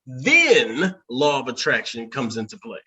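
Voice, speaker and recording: Male guest teacher, mid-pitched, very lively intonation, emphatic. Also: unhurried, crowd noise. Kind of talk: casual chat.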